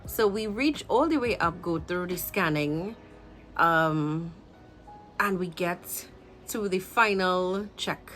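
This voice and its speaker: A woman in her thirties with a Trinidadian accent, telling a casual storytime to her viewers in a chatty, animated way. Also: fairly low pitch, slow, faint music behind. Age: 30s. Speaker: vlogger.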